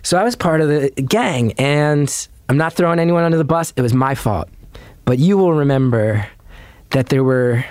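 A man's voice: a little high, moderate pace, darkish tone, smooth, dry recording. A man guesting on a podcast, telling a story in a casual, rambling, self-deprecating way.

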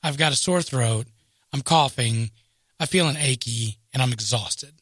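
Middle-aged man, bright and forceful tone, dry close sound, self-mocking storyteller. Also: mid-range voice, unhurried, no room sound. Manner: animated, self-mocking, voices others in quotes. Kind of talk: casual storytelling.

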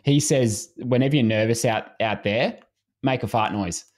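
A man's voice: medium pitch, normal speed. A man, a swimming coach speaking as a podcast guest in an easygoing, casual way. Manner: relaxed, easygoing, frequent restarts.

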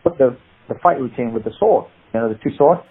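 Male interview guest, husky voice, rambling, animated anecdotes, phone-thin sound. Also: mid-range voice, fast. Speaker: guest, martial arts actor. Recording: tinny phone-like line.

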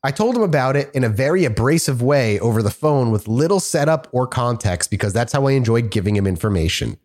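A man's voice: mid-range voice, fast talker. A man co-hosting a podcast, reading listener stories aloud and laughing often in casual chat. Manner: giggly, animated reader. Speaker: podcast co-host.

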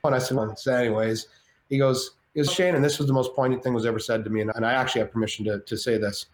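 A man guest on a podcast, telling a personal story in casual chat, animated and swearing freely, acting out the voices of others. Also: mid-range voice, rapid-fire, a little hiss or hum. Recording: roomy echo with faint ambience.

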